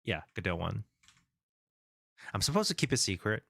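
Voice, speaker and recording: A man's voice: lowish voice, very animated, moderate pace, vocal fry, sharp tone, slightly rough, no echo. Casual rambling man streaming live. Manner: rambling, reads chat comments aloud, frequent fillers and restarts. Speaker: game developer streamer.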